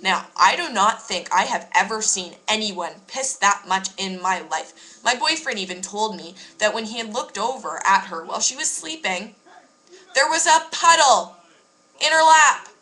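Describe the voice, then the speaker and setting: A woman's voice: mid-range voice, lively intonation, moderate pace, bright, forceful tone, poor audio. A young woman casually telling a story to camera, candid and emphatic, swearing freely. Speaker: vlogger.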